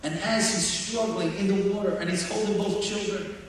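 A high-pitched man preaches with emphatic force and climbs into shouts at his peaks. He is heard from far off in a large hall with long, ringing reverb and a faint background of ambience. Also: steady tone, normal speed, slight background noise. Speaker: guest speaker. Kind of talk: sermon. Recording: distant echoey hall.

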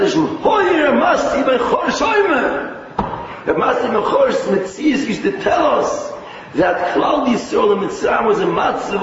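A high-pitched man with a Yiddish-inflected English accent preaches animatedly and often restarts his phrases. He is heard from a distance in a large, strongly echoing hall. The sound is muffled, with a faint hiss of noise behind him. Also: gravelly. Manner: animated, mixing Yiddish and Hebrew terms, many restarts. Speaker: rabbi giving a Torah talk. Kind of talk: sermon.

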